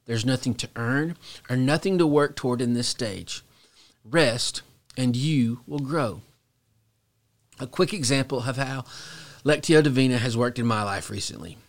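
A middle-aged man, a pastor, teaching on a devotional podcast in a slow, reflective and earnest way, dropping to a soft hush at pauses. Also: mid-range voice.

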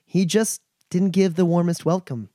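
A man's voice: high-pitched, moderate pace, dark tone, no room sound, clean studio sound, voice pushed up, lightly acted. A man voicing a poised young noblewoman who speaks courteously but firmly in a tabletop game. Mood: polite. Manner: courteous, formal speech.

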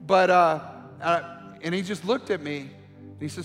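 Middle aged guy pastor, high voice, storytelling sermon that gets fired up, big echoey church hall. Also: normal speed, long pauses, fairly bright tone. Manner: personal storytelling that builds to impassioned pleading. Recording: reverberant hall with faint music.

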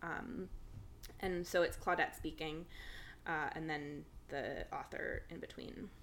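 A woman's voice: low voice, fairly even intonation, takes it slowly, a bit bright, a little hiss or hum. A woman casually reading a passage aloud, adding her own comments and fillers between sections. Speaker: reader sharing a story.

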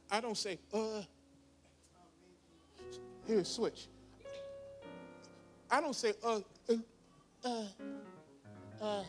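A man in his fifties preaching a sermon as pastor, swinging between loud, high bursts and quiet conversational asides. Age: 50s.

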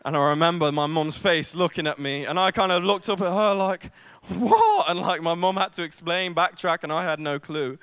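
A man's voice: a little high, fairly even intonation, a little fast, few pauses, fairly bright tone, smooth, dry recording. A young man preaching a sermon at a church service, casual and self-deprecating, with many fillers.

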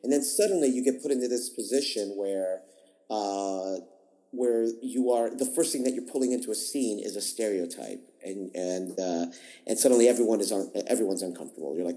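An improv teacher appearing as a podcast guest answers interview questions thoughtfully, explaining his ideas while often restarting and repeating words. His voice is lowish, mellow and a little fast, and the audio quality is poor.

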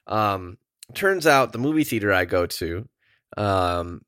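A man's voice: on the low side, slow pace, smooth, no echo, studio quality. A man hosting a podcast in casual, rambling chat, laughing often. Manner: animated, laughing, rambling asides. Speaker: podcast host.

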